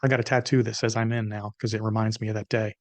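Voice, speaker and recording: Animated storytelling businessman in his fifties. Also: on the low side, quick pace, no room sound. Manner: animated storyteller, acts out dialogue. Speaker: guest, business consultant. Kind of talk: storytelling interview answer. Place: podcast recording.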